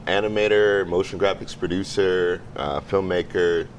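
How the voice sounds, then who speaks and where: A man from South Carolina speaks as a talk show guest in a deep, low voice. He answers in a relaxed way with plenty of hesitant fillers. A faint noise runs in the background. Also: normal speed. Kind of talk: interview answers.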